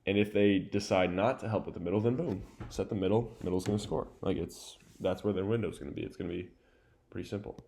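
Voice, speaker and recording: A man's voice: lowish voice, fast talker, creaky, warm tone, slight background noise. A young man casually breaking down volleyball game film, chatty and loose with lots of fillers and asides.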